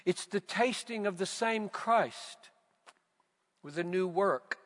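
A man preaching a sermon, slow and emphatic, building to loud, fervent repetitions. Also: high-pitched. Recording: long reverb of a large hall.

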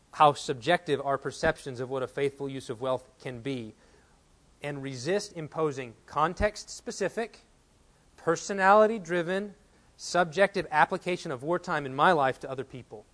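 A fairly high-pitched man from Texas, in his thirties, delivers a sermon as a pastor. He tells a personal story in an easy conversational way, then rises to urgent, emphatic points. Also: animated, normal speed, fairly bright tone.

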